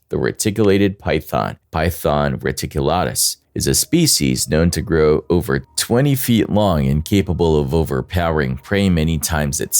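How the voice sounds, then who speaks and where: A man's voice: a bass voice, dry recording. A man giving scripted narration for a video compilation, with wry, sarcastic commentary.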